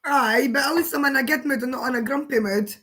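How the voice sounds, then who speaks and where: A high-pitched woman chatting on a casual livestream. She keeps breaking into giggles and trying to hold them back, and her voice has gone hoarse from all the laughing. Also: fast talker, a bit bright. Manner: giggly, fighting fits of laughter. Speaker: livestream host. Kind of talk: casual live chat.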